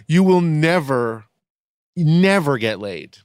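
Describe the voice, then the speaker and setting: A man's voice: fairly high pitch, takes it slowly, clear, resonant tone, no echo. A man co-hosting a podcast, cracking jokes in a casual chat. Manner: jokey, wisecracking, lively delivery. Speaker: podcast co-host.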